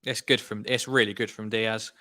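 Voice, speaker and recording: A man's voice: lowish voice, normal speed. A young man hosting a live football watchalong, giving exasperated fan reactions as the match plays out. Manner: animated, exasperated fan commentary.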